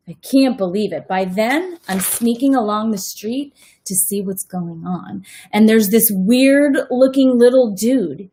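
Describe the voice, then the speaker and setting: A woman's voice: medium pitch, a little slow, mellow, slightly rough. A woman who works as a teacher, reading a novel aloud at bedtime and breaking off for chatty, self-correcting asides. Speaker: read-aloud host, teacher.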